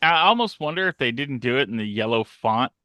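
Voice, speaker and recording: A man's voice: medium pitch, expressive, brisk, sharp tone, no echo. A man co-hosting a podcast, chatting casually and jokingly about comics. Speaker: podcast co-host.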